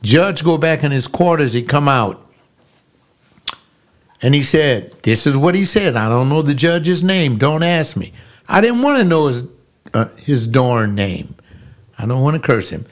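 With a fairly high, expressive voice, an older pastor slowly recounts something from his own life. His delivery is emphatic and repetitive, building up into a sermon.

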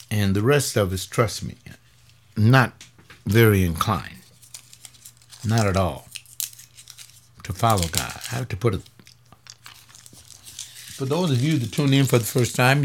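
Here a man, a pastor, comments on a webcast as he reads a paper and replies to it, wandering conversationally and asking blunt rhetorical questions. Tired and aching, he drifts low and soft, then turns sharp when arguing. There's a slight hiss or hum in the audio.

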